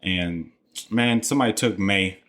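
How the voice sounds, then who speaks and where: A man's voice: fairly low pitch, unhurried, fairly bright tone. A man co-hosting a podcast in casual chat, laid-back and easily chuckling. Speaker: podcast co-host.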